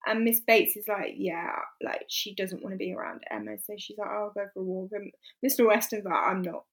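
A woman in casual chat, animated and laughing as she acts out characters' lines. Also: medium pitch, fairly quick, gravelly, poor audio. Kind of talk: casual chat recapping a period drama.

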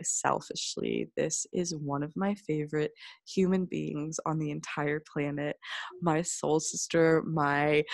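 A woman hosting a podcast, chatting excitedly and gushing about her guest with lots of fillers. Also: deep voice, creaky, no echo, clean studio sound. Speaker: podcast host. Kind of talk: casual podcast chat.

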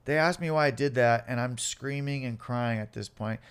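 A man's voice: mid-range voice, brisk, few pauses, smooth. Profane man telling a wild story. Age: late 20s or older. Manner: profane, animated, acts out cops and himself. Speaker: guest telling his life story. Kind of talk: casual storytelling interview.

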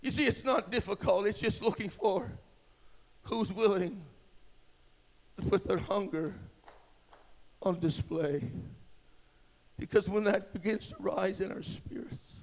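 Male preacher, revival sermon, very high gravelly voice, hushed to shouting. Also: unhurried, long pauses.

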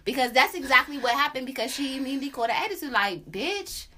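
High, bright-voiced woman podcast host. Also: rapid-fire, slight background noise. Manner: animated, profane, sings out la la la asides. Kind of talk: casual storytelling chat.

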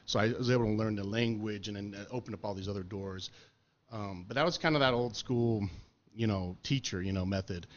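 A man telling stories in casual chat, animated and laughing, acting out what others said and often saying dude and man. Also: fairly low pitch, a little fast. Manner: animated storyteller, says dude and man a lot, laughs, acts out quotes. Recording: dull lo-fi sound.

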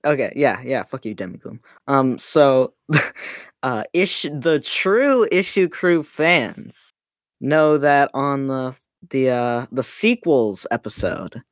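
Woman co-host, sarcastic teasing chat, very slow delivery, dry close sound. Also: rumbling low, expressive, no echo. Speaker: podcast co-host. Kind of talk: casual podcast chat.

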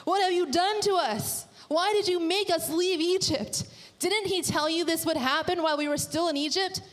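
Bible crowd of complainers, woman acting it, high-pitched, whiny and panicked. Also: normal speed. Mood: panicked whining. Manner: shrill, whiny and exasperated.

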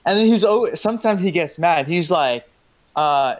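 Young guy, rambling slangy storyteller, a bit high-pitched. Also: normal speed. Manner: rambling, slangy, profane, restarts often. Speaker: storyteller in casual chat. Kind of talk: casual chat. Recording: dull lo-fi sound.

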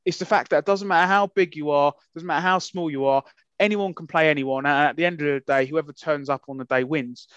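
A fired-up man with a fairly high voice rants about his views on a podcast, swearing and getting louder as he goes. His voice is dull and lo-fi, and the recording sounds dry and close. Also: brisk, clear, resonant tone, dry recording. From England. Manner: passionate, indignant, swears freely. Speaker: podcast co-host. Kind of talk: heated casual podcast rant.

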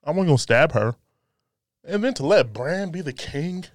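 A man hosts a casual solo podcast indoors by a window, speaking into a podcast mic. His talk is loose, joking, profane and rambling, in a fairly high-pitched voice with lively intonation at a normal speed.

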